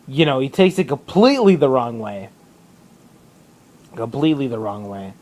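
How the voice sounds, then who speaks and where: A young man vlogs to camera inside a public building, rambling through a casual monologue with lots of swearing and frequent restarts. His mid-range voice is very animated and darkish in tone, at a moderate pace.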